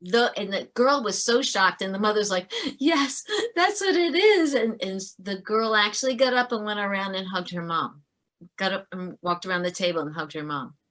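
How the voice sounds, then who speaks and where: A middle-aged woman, a former teacher, telling stories as a guest in a podcast interview, earnest and animated, often restarting her sentences. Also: mid-range voice, a little fast.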